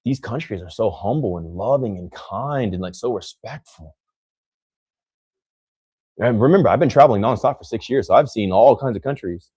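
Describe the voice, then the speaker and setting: Low, mellow-voiced American man rambling. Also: animated, moderate pace, slightly rough, no room sound. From United States. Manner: rambling, many restarts, acts out other people in quotes. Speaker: podcast host. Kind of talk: casual podcast chat.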